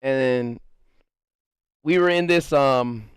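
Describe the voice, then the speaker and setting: A man's voice: mid-range voice, extremely slow, smooth, no room sound, clean studio sound. A man streaming, telling a rambling story to his chat, packed with filler words and casual swearing. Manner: rambling, filler-heavy, crude and profane.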